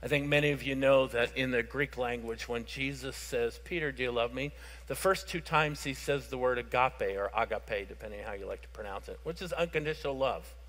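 Pastor preaching in an echoing hall. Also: male voice, medium pitch, fairly quick, few pauses. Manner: expository, swings from hushed to loud fervent emphasis. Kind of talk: sermon reading and explaining scripture. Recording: reverberant hall.

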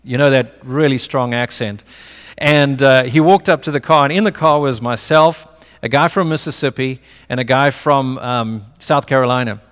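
The long reverb of a large hall surrounds this pastor's fairly bright, smooth, medium-pitched voice. He talks at an ordinary pace in a non-American English accent, preaching conversationally and weaving in personal stories.

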